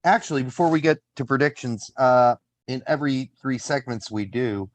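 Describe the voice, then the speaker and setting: A man co-hosting a casual soccer podcast, animated, laughing often and swearing freely. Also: medium pitch, normal speed, dry recording. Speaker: podcast co-host.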